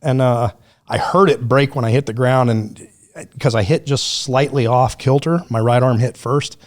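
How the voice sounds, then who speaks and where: A man telling a story on a podcast in a casual, profane, animated way, acting out what others said. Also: medium pitch, normal speed. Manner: profane, animated storyteller who acts out quotes.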